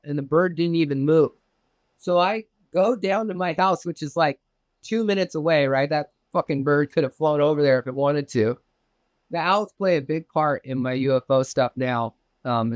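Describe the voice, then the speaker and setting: An interview guest from Southern California, a man with a somewhat high voice, recounts a UFO encounter as casual, profane storytelling. He's animated, and his pitch leaps whenever he plays out quoted exchanges. The recording is close and dry, with no room sound at all.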